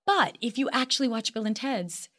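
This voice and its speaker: A middle-aged actress chatting as an interview guest, bubbly and rambling, with lots of fillers and restarts. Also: female voice, fairly high pitch, normal speed, fairly bright tone. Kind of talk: casual interview chat.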